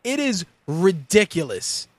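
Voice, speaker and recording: A man hosting a casual wrestling and fight talk show, animated and profane, often mimicking the people he talks about. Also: sits high, slow pace, no room sound. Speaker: podcast host.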